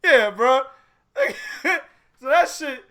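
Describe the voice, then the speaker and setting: On a casual podcast, the male host jokes, laughs and trash-talks with plenty of profanity. His high, lively voice swings widely in pitch, sounds bright and sharp, and stretches out his words.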